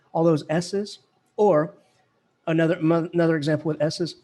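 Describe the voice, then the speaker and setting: A man teaching a college English class, lively and casual, chanting poetic rhythms aloud to show the beat. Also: on the high side, normal speed. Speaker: English professor. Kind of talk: classroom lecture.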